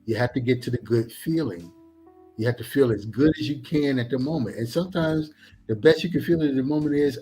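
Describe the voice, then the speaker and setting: A middle-aged man and former police officer, a guest on a talk show, explaining in an animated, preachy way with many examples. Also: medium pitch, fairly quick, faint music behind. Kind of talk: casual talk show discussion.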